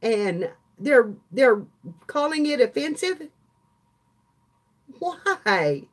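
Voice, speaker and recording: A woman's voice: on the high side, big pitch swings, drawn-out words. An older woman, hosting a casual live stream chat, chatty and laughing often as she talks to her viewers. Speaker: craft channel host.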